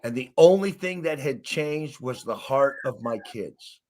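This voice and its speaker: A middle-aged man from Arkansas, a basketball coach, telling stories as an interview guest in an emphatic, animated way. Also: mid-range voice, measured pace. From Arkansas, USA. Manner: emphatic, animated storyteller who acts out quotes. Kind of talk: storytelling in an interview.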